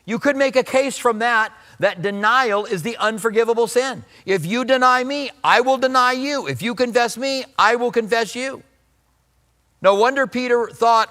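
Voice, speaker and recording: A man's voice: high voice, animated, moderate pace, sharp tone, in a large hall. A man preaching a sermon in a conversational way, acting out the voices he quotes. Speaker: pastor.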